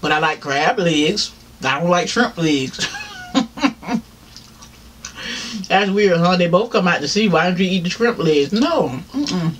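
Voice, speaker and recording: Southern man vlogger, high voice, chatty eating-show talk, faint hiss behind. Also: expressive, measured pace, long pauses, a bit bright. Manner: chatty, laughing, talks while chewing, addresses viewers as y'all. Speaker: mukbang vlogger. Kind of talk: casual eating-show chat.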